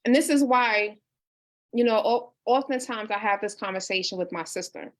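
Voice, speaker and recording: A woman's voice: mid-range voice, normal speed. A woman in her thirties, a life coach, talking casually and earnestly on a livestream, reading out viewer comments. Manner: earnest and personal, with many restarts and "you know". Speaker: life coach hosting a book discussion.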